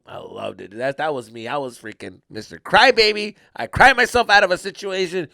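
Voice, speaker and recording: Brief: male comedian-host, lively storyteller, gravelly tone, close dry podcast mic. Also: sits high, moderate pace, few pauses, no echo. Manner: animated, mixes Spanish slang into English, says "dude" a lot. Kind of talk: comic storytelling.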